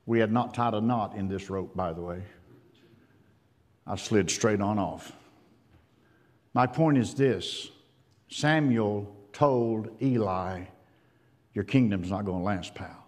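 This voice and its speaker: An older man preaching with a folksy storytelling manner, his voice rising loud, then dropping hushed. His mid-range voice rings out with a long reverb, as in a church hall. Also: fairly low pitch, takes it slowly, long pauses. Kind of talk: sermon.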